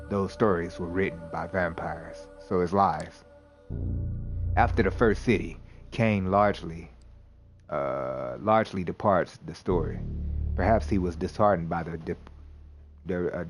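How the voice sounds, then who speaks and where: A young man with a very low voice reads a vampire story game aloud, stopping to chat about his choices in a casual, unpolished way. Music plays clearly underneath him throughout. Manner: casual, with restarts and asides. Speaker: streamer playing a narrative game. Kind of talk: reading game text aloud with commentary.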